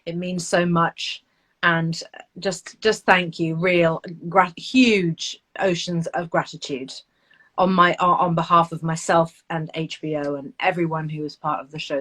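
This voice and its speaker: A woman's voice: on the low side, unhurried. Chatty woman on a video call. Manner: animated, laughing, self-deprecating storytelling. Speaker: actress guest. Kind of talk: casual live Q&A chat.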